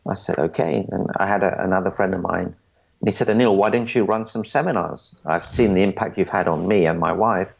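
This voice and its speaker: A man's voice: low-pitched, a little fast, gravelly, breathy edge, dull audio. A man in his forties telling his story as a podcast guest, earnest, often stammering and restarting, acting out what others said to him. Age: 40s. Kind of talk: storytelling interview answers.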